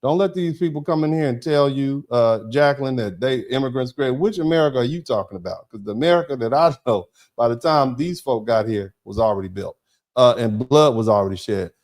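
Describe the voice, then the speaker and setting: This man, a lawyer, hosts a live show online, where he reads viewers' chat messages and thanks each one by name. Speaking with a medium, slightly mellow pitch, he sounds emphatic and conversational. He keeps asking "you see what I'm saying" and stretches out fillers between stop-and-start phrases.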